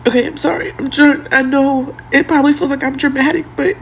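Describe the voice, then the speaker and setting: A woman's voice: high-pitched, fairly even intonation, normal speed, gravelly, a little hiss or hum. A single mother pleading for help, upset and close to tears. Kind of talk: tearful phone video.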